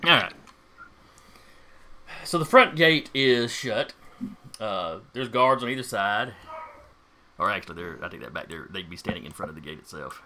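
A man's voice: lowish voice, lively intonation, moderate pace, pauses often, pushed and bright, a little hiss or hum. A man running a tabletop game as game master, describing the scene in a casual, folksy way.

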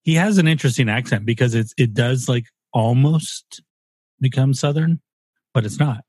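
A man's voice: medium pitch, darkish tone, breathy edge, no room sound. A man hosting a casual podcast, joking and swearing as he talks. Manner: joking, swearing, quick to laugh. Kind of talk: casual chat.

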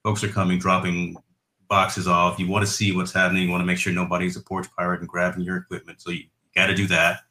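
A man's voice: low-pitched, monotone, quick pace, sharp tone, echoey room. A man hosting a podcast in casual tech chat, talkative and often checking in with his listeners. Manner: chatty, tags lines with "right?". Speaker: podcast host.

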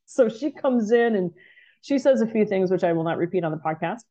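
A woman softball coach telling a story on a podcast, acting out what people said in lively bursts. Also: medium pitch, brisk, muffled recording. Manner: animated storyteller, acts out quotes.

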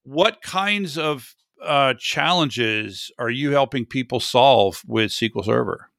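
Podcast host, man, gravelly and bright, rambling conversational delivery. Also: medium pitch, animated, slow, no room sound, clean studio sound. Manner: rambling, self-correcting, chatty. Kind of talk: casual tech podcast chat.

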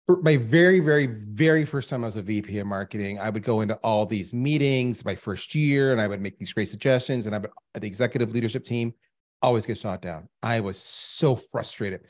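Appearing as a guest on a podcast interview, this man in his fifties speaks fairly quickly in a fairly low voice. He's an emphatic, animated storyteller who addresses the audience directly.

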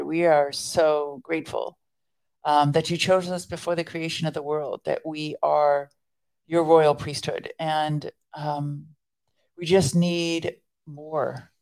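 Earnest woman co-host with a gravelly edge. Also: low-pitched, darkish tone, rough recording. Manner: fervent, earnest when praying. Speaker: podcast co-host. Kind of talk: casual chat and spoken prayer.

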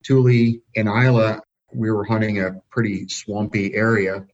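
A man, a dog-breeder guest on a podcast, telling relaxed anecdotes in a casual way. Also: fairly low pitch, moderate pace. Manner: relaxed, anecdotal, chuckles at his own stories. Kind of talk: casual storytelling. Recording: dull lo-fi sound.

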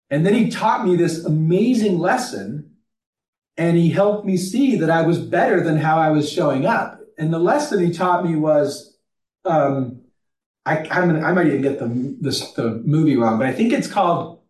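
Male guest, CEO type, earnest storyteller with a slightly high voice, recorded off-mic in an echoey room. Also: a little mellow, recorded from a distance. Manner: earnest storytelling, frequent restarts and fillers. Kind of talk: conversational podcast interview. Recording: roomy echo, off-mic.

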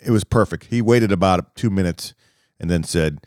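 Guest: low-pitched man from D.C., lively storyteller, dry close mic. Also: moderate pace, no echo. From Washington, D.C., US. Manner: lively storyteller, acts out other people's lines. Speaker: guest, sports media figure. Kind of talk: animated anecdote telling.

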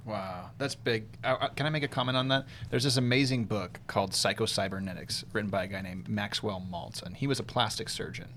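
A man's voice: lowish voice, fairly quick, hardly any pauses, fairly bright tone, a little hiss or hum. A man co-hosting a podcast who talks casually and eagerly, thinking aloud with fillers. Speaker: podcast co-host.

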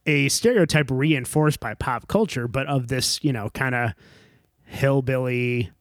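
A man's voice: medium pitch, unhurried, no echo, clean studio sound. A man from the northern United States co-hosting a casual conversation, thinking aloud with many fillers and restarts. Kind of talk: casual chat.

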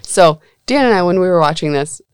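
A woman's voice: lowish voice, expressive, brisk, clean tone, no echo, clean studio sound. A woman hosting a podcast in casual chat, chatty and blunt, with a sarcastic edge and frequent laughter. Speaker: podcast host.

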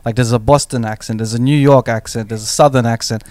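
A man's voice: medium pitch, fairly even intonation, fast, darkish tone, no echo. A man co-hosting a casual podcast, rambling and swearing, now and then jumping into mock voices. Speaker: podcast co-host. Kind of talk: casual chat.

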